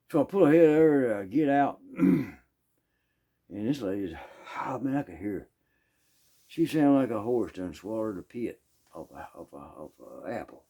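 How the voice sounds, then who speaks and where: Southern man, casual storyteller, folksy and rambling, lowish warm voice. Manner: rambling and folksy, full of asides and throat-clearing. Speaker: musician telling a story.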